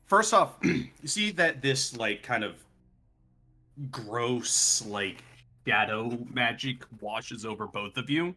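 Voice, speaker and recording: A man's voice: medium pitch, lively intonation, slow, pushed and bright. A man narrating as game master of a tabletop game, laughing often and using loose fillers.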